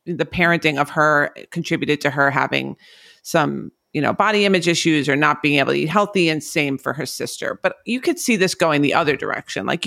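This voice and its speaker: A woman doctor co-hosting a podcast, giving advice in a thoughtful, measured way. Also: sits low, vocal fry, a bit bright, no echo, clean studio sound. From Long Island, New York. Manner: thoughtful, measured, hedging with "um" and "you know". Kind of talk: casual podcast advice chat.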